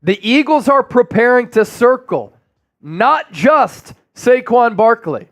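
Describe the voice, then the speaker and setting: High lively guy hosting a sports live stream, dry close sound, reads super chats. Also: takes it slowly, no room sound. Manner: energetic, reads viewer super chats aloud. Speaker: sports show host.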